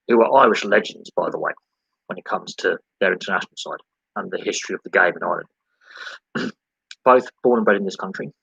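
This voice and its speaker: A man's voice: lowish voice, a bit bright, husky, dry recording, dull audio. A man from England hosting a solo live sports podcast. He rambles, repeats himself and often restarts his sentences. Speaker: podcast host.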